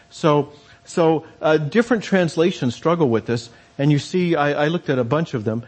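A man's voice: on the high side, normal speed. A man preaching a sermon in a conversational storytelling way, with fillers and restarts.

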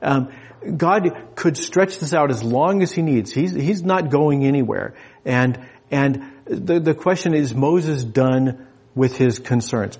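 Husky-voiced man preaching conversationally. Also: medium pitch. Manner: conversational, animated, frequent restarts and chuckles. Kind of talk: sermon.

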